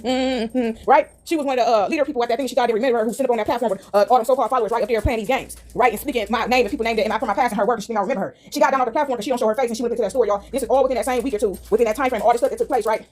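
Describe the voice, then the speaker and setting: A woman vlogger telling stories in a rambling, animated monologue, tagging "right?" onto her sentences. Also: a little high, very fast, hardly any pauses. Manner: rambling, says "right?" constantly; animated, dramatic. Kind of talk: casual storytelling monologue.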